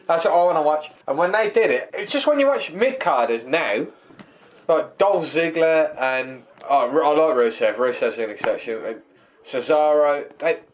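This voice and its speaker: A man in casual podcast chat, joking and laughing a lot. His voice sits a little high and swings widely in pitch. He talks with animated enthusiasm. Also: moderate pace. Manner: jokey, laughs often, animated. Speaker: podcast co-host.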